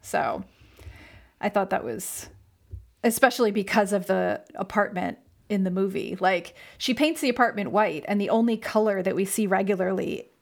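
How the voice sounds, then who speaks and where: A woman's voice: medium pitch, vocal fry. A young woman co-hosting a casual film podcast, chatty with lots of fillers. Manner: chatty, many fillers, reads a passage aloud slowly. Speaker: podcast co-host.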